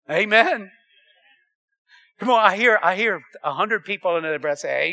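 A man preaching a sermon, calling out to the congregation and swinging from loud to quiet. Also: high-pitched, moderate pace. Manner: animated preaching with audience call-outs. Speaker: pastor.

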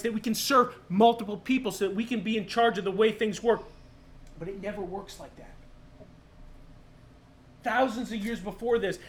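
A man's voice: very high voice, slight background noise. A male pastor preaching a sermon in a casual way, with joking, sarcastic asides.

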